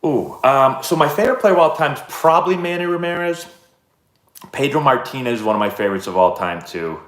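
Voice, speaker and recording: Lively storytelling man in echoey room. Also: medium pitch, brisk. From Boston area. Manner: animated storyteller, many fillers. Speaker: baseball channel host answering live chat. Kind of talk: casual livestream storytelling.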